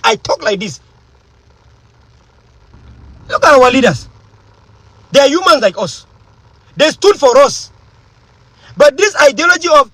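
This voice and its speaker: A woman giving an impassioned political monologue as an activist, emphatic and full of rhetorical questions, with a husky voice. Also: sits high, fairly bright tone, no echo, rough recording.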